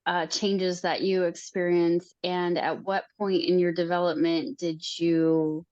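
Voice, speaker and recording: A woman's voice: fairly low pitch, flat delivery, unhurried, darkish tone, no echo, lo-fi sound. A woman student politely asking her teacher a question, with a slightly hesitant delivery.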